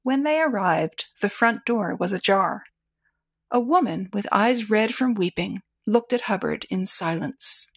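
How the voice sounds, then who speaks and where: A woman narrating an old pulp short story as an audiobook in a steady, measured way. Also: medium pitch, creaky, husky.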